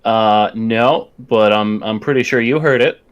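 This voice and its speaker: Male player, low and smooth voice, casual hesitant chat with some swearing. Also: a little slow, dull audio. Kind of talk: casual tabletop play chat.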